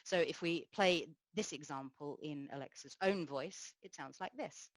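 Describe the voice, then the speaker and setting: Low-voiced woman giving a tech talk. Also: unhurried, dry recording, low-quality recording. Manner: explanatory, frequent "uh" fillers. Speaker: conference speaker. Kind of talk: technical conference talk.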